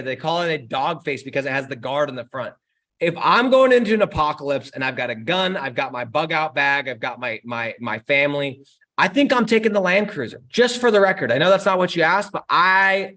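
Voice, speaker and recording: A young adult man hosting a casual live Q&A stream, answering chat questions with energetic, slangy talk aimed straight at his viewers. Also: a little high.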